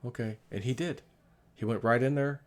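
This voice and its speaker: A man's voice: medium pitch, normal speed. A middle-aged man talking casually about his life in a rambling, confessional monologue, often acting out what people said. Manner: rambling, confessional, acts out quoted dialogue. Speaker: vlogger.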